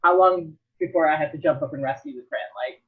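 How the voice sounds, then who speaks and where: A woman's voice: deep voice, quick pace. Woman, American accent, video call guest, chatty, self-deprecating, slightly dull sound. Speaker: guest maker. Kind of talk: casual video call chat.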